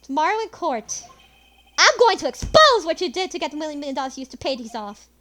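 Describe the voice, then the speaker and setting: Woman doing a growling male loan shark, high and loud, swings wildly, faint game music. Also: sing-song, quick pace, exaggerated voice. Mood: menacing. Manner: snarling, threatening, swearing.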